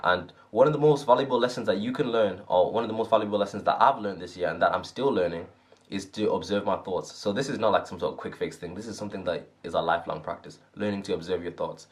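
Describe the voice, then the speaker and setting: A man's voice: low voice, fast talker. A man giving an earnest, casual talk on self-help, often checking in with "right?".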